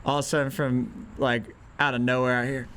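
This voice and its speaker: A young man being interviewed as a musician, telling anecdotes in a relaxed, slangy way and acting out the people in them. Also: mid-range voice, a little fast, slight background noise. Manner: animated, acts out voices in anecdotes. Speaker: guest musician. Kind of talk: casual storytelling.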